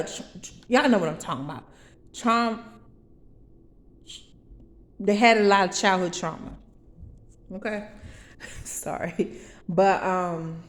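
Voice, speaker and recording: Slow-talking woman, rambling and profane. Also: mid-range voice. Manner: rambling, profane, preaching with sudden outbursts; stumbles and restarts words. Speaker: vlogger. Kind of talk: rambling confessional monologue.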